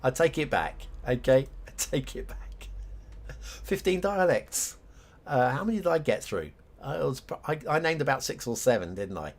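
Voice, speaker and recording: A man's voice: mid-range voice, sing-song, moderate pace. A man streaming a city-building game live, chatting casually with viewers, thinking aloud and laughing often; English is not his first language.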